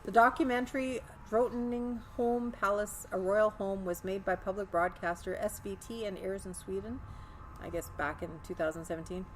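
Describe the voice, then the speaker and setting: A woman's voice: mid-range voice, steady tone, normal speed, a little hiss or hum, rough recording. A woman hosting a podcast, telling stories in a chatty, rambling way with restarts. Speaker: podcast host. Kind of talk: casual storytelling chat. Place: live event in a large store.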